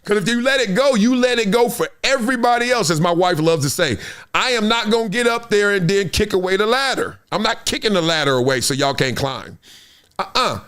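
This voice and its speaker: A middle-aged man hosting a sports talk show, telling stories in an animated monologue and acting out quotes and sound effects. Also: sits high, brisk, clean tone. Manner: lively storytelling, acts out quotes and sound effects. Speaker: show host, former NFL player.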